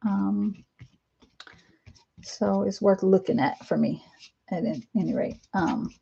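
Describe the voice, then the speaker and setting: A woman in her fifties chatting casually on a live stream, candid and rambling, with lots of fillers, laughs and animated quoted asides. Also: mid-range voice, slow, creaky, breathy edge, muffled recording. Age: 50s. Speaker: vlogger. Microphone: live-stream camera mic.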